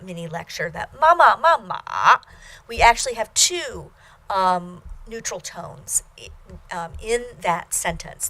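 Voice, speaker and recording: A woman teaching a recorded language lecture, talking slowly and deliberately with uhs and ums, singing out each example syllable. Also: mid-range voice, fairly bright tone.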